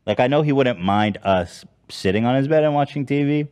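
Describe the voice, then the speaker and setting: A man's voice: medium pitch, a little fast, smooth, no room sound, studio quality. A man in his thirties hosting a casual chat, telling an awkward story with laughs and quoted voices. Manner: laughs often, animated retelling with put-on quotes. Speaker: podcast host.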